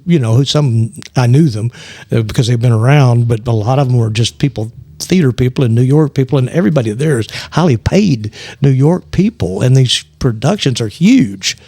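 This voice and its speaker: A man with a Texan accent recounts a story as an interview guest. His pitch sits in an ordinary middle range, and the sound is dry and close with no room around it. He talks animatedly, slipping into quoted voices and tripping over restarts. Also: creaky, darkish tone, no room sound. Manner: frequent restarts and stammers. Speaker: guest actor. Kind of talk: casual storytelling.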